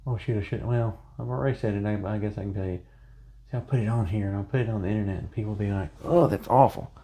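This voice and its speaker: A man's voice: lowish voice, steady tone, racing, mellow. A man chatting casually through a painting tutorial, rambling into self-joking asides as he works. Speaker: painting instructor.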